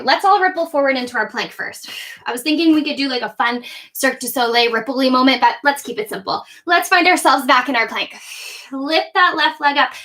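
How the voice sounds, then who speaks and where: A woman's voice: sits high, fairly bright tone. A young adult woman leading a live yoga class, cueing breaths and poses in a playful way, a little out of breath as she moves along. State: slightly out of breath while moving. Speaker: yoga teacher.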